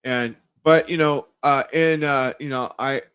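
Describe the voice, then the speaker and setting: A man's voice: medium pitch, fairly even intonation, unhurried, fairly bright tone, clean tone. A man hosting a casual political livestream, rambling with lots of fillers and restarts. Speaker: livestream show host. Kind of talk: casual political talk show.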